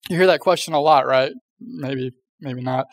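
A man's voice: medium pitch, moderate pace, no room sound. A young man giving a casual youth sermon, chatty and full of fillers, often acting out little voices. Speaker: youth pastor.

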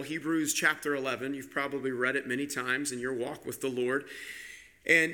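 A man preaching a sermon with emphatic delivery, slowing down and speeding up to stress his points. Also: on the high side, pushed and bright. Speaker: pastor.

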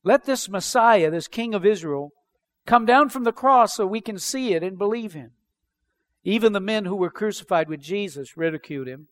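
A man's voice: high voice, lively intonation, normal speed, a bit bright. A man preaching a sermon as pastor, reading scripture aloud and then explaining it with emphatic questions.

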